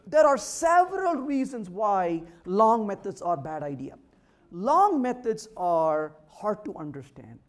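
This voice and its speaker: A man giving a humorous technical talk at a meetup, polling the audience and trading wry jokes with them. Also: high-pitched. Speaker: conference speaker. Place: meetup room.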